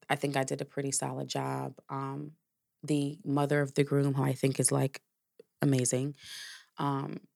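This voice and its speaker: Low, gravelly-voiced woman podcaster. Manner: candid and reflective, with swearing and filler words. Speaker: podcast host. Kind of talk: casual storytelling monologue.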